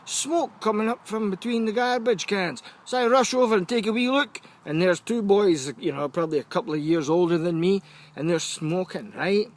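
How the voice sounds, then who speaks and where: A man with a Scottish accent telling a funny story in a lively, chatty rant, often checking in with the listener. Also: sits high, normal speed. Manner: animated, keeps checking in with "right?".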